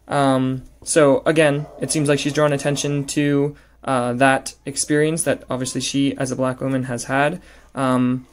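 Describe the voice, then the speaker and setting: A man teaching a lesson on a poem, talking hesitantly with many fillers and restarts while he annotates it. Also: a little high.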